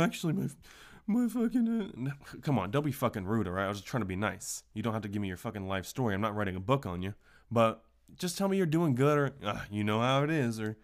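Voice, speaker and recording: A man with a somewhat low voice hosts a casual solo podcast. He tells workplace stories in a loose, ranting style, full of swearing. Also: clear, resonant tone. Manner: profane, ranting storyteller. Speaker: podcast host.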